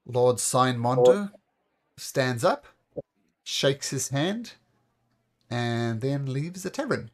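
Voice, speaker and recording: Man, game master, tabletop narration, unhurried, middle pitch. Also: big pitch swings.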